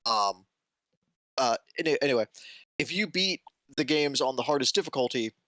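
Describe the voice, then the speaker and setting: A man co-hosting a gaming podcast, chatting casually with a relaxed, hesitant delivery. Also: mid-range voice, moderate pace, no room sound. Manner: relaxed, hesitant, many fillers. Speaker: podcast co-host.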